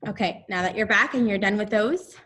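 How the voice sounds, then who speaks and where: A woman teaching a recorded phonics lesson to second graders, repeating letter sounds slowly so the children can echo her, with frequent encouraging check-ins. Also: medium pitch, pushed and bright, a little hiss or hum. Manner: encouraging, checks in often with "okay?".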